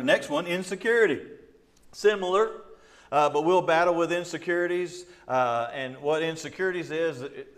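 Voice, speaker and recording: A middle-aged male pastor teaching a Bible study in a conversational way, with frequent fillers and repeats, often acting out quoted voices and laughing. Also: a little high.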